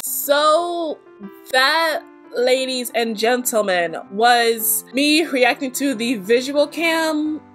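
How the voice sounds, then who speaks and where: A young woman hosting a reaction video, gushing excitedly and laughing often. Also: sits high, drawn-out words. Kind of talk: casual reaction video chat. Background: music playing.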